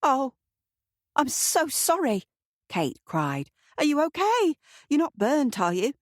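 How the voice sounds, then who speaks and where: A woman voicing a brisk, bustling woman hosting a family dinner. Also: fairly low pitch, animated, no echo, clean studio sound, close to an everyday voice.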